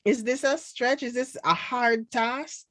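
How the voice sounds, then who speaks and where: Jamaican lady vlogging, slow easy talk, sarcastic, dry close sound. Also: a little high, fairly bright tone, dry recording. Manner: chatty, sarcastic, laughs often. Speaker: commentary vlogger reading comments. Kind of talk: casual chat.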